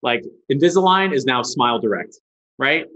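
Guy telling a story on a podcast, husky voice, swears a lot, kinda muffled lo-fi audio. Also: medium pitch, lively intonation, normal speed, fairly bright tone. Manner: casual and swears freely; acts out the other people in his stories. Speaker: guest, ad agency founder. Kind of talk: animated storytelling. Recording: dull lo-fi sound.

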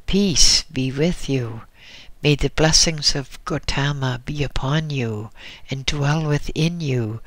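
A man's voice: mid-range voice, slow, fairly bright tone, no room sound. A man voicing an ancient, frail hermit who speaks mildly in a dry, cracked voice. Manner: mild. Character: ancient frail male hermit, mild and wise.

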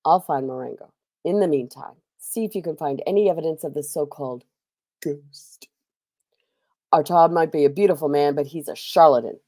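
A woman reading as a brisk, no-nonsense lady sleuth. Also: low-pitched, warm tone, no room sound, studio quality.

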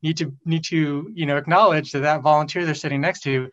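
A man's voice: fairly high pitch, steady tone, fairly quick, fairly bright tone, slight background noise. Man on a muffled call line. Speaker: panelist. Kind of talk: panel discussion.

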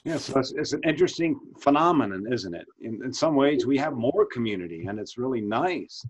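Leading a video-call Bible study, a pastor in his fifties sounds animated, with a mid-range, slightly rough voice at a slightly fast pace. He talks conversationally, asks questions and repeatedly restarts sentences, and the audio is dull and lo-fi.

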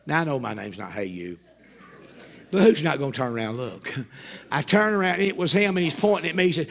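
Gravelly man preaching a story sermon. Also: fairly high pitch, fast. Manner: animated storyteller with wry self-mocking humor. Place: church sanctuary.

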